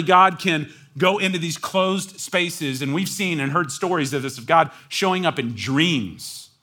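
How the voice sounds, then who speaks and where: A man preaching a sermon as pastor, moving between quiet, low asides and loud, high, near-shouted emphasis. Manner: animated preaching, swings from hushed to near-shouting.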